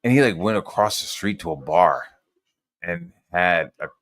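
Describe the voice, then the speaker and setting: A man with a fairly low voice telling a story in a loose, rambling way. He swears freely and fills his talk with casual fillers. His voice sounds dry and close. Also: moderate pace, fairly bright tone, no echo. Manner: rambling, profane, lots of fillers.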